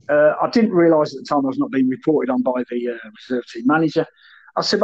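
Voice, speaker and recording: A man's voice: medium pitch, a little fast, breathy edge. A middle-aged man, a former footballer, telling blunt, sweary stories in casual podcast chat. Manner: blunt, sweary, animated storytelling. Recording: muffled lo-fi audio.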